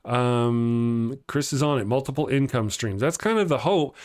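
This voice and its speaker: A man at an ordinary middle pitch chats loosely on a livestream, reading out viewer comments and cracking jokes. He laughs often and trips over his own sentences, starting again as he goes. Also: unhurried, a little mellow. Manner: joking, laughs often, rambling with restarts. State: has a headache. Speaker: host of an atheist morning show.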